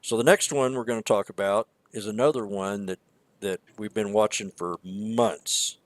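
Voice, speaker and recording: A man's voice: lowish voice, steady tone, normal speed, no room sound. A man co-hosting a trading show, talking in a rambling, emphatic way with many repeated words. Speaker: stock trading show co-host. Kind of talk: casual market commentary.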